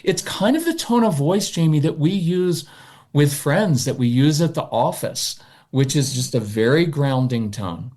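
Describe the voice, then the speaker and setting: A man as a podcast guest, coaching parents in a matter-of-fact, animated way and slipping into quick voices of parents. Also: a little high. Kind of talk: podcast interview.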